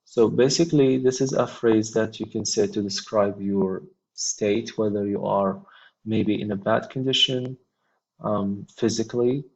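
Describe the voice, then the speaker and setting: A man with a low voice and a gravelly edge works through a textbook unit as a teacher. He speaks very slowly and often pauses with an um. The recording sounds dull and lo-fi. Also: steady tone. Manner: slow explanations with frequent ums. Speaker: English teacher. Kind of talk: textbook lesson with read-aloud dialogue.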